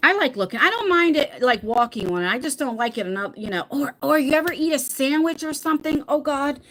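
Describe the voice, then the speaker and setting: A chatty middle-aged woman hosting a relaxed live chat with viewers. Her voice sits fairly high and swings a lot as she talks. She laughs easily and trips over her words. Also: fairly quick. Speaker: livestream host reading viewer comments. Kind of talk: casual chat.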